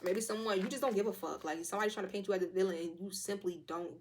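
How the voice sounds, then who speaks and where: Fast-talking young woman tarot reader. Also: mid-range voice, slight background noise. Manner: fast, loose and profane, with lively quoted asides. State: slightly hoarse throat. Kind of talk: casual tarot reading.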